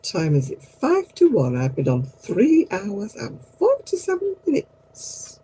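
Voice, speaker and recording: A woman's voice: medium pitch, wildly swooping pitch, a little slow, warm tone, slightly rough, poor audio. A woman hosting a livestream craft night, who chats casually, tells stories and laughs at herself often. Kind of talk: casual chat.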